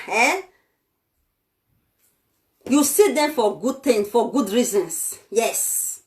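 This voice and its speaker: A woman's voice: a little high, a bit bright. A young Nigerian woman ranting on a vlog, insulting and scolding her viewers in a fiery tone. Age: young adult. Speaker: vlogger.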